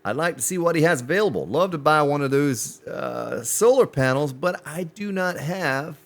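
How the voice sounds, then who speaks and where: Male game streamer, casual chatty play-by-play, lively pitch. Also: moderate pace, creaky. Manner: chatty, talks to chat viewers as he plays; animated, pitch jumps on exclamations. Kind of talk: live gameplay commentary.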